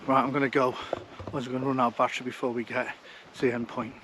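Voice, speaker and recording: A man's voice: mid-range voice, level tone, fast talker, noisy background. A tired man, chatting casually to an action camera outdoors as he walks. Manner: chatty, rambling, blunt. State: tired from walking. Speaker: hiking vlogger. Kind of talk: casual talk to camera while walking. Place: outdoors on a walking route. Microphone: action camera held while walking.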